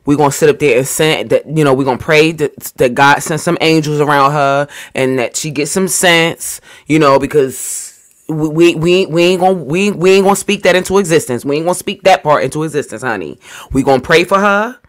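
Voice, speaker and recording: A man hosting a casual reaction commentary, drawn-out and preachy as he calms things down. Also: fairly high pitch. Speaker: commentary show host.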